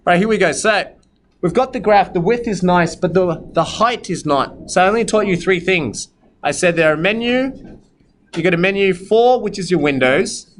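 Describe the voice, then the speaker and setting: A high-voiced male maths teacher, explaining calculator steps to a classroom. He talks plainly and sometimes turns stern, scolding the students at length. Faint classroom noise hangs behind him. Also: moderate pace, low-quality recording. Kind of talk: classroom lesson with calculator demo.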